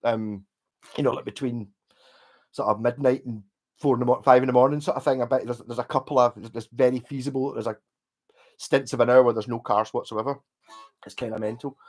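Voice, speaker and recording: A Scottish man talking loosely to his live stream audience, with a mid-range voice that is neither high nor low. He rambles, chats and drops the odd swear word as he goes. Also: steady tone, brisk. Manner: rambling, chatty, casual swearing. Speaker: livestream host. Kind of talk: casual livestream chat.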